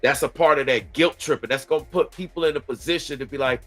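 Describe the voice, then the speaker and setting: A man's voice: on the high side, quick pace, sharp tone, soft background music. A man doing critical reaction commentary, indignant and preachy, talking straight to his viewers.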